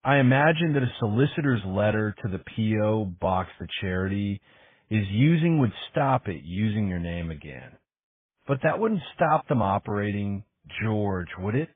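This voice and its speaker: A man voicing a cautious middle-aged private investigator who speaks in a measured, questioning way. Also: on the low side, big pitch swings, no room sound. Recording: tinny phone-like sound.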